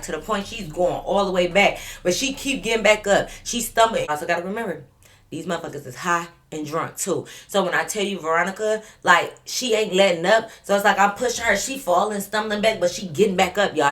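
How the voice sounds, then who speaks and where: A woman's voice: mid-range voice, fairly bright tone. A young woman vlogger telling a story in a casual storytime, talking straight to viewers and acting out what other people said.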